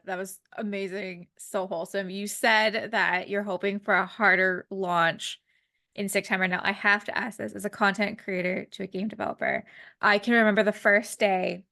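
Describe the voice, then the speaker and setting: A woman's voice: mid-range voice, level tone, normal speed, sharp tone. A woman hosting a podcast interview, gushing and effusive, with some casual swearing. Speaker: podcast host.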